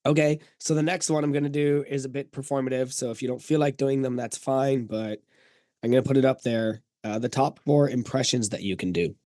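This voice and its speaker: A man's voice: medium pitch, steady tone, brisk, a little mellow, dry recording. Dry-voiced podcast host man. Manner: brief, dry interjections and chuckles. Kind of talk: casual chat.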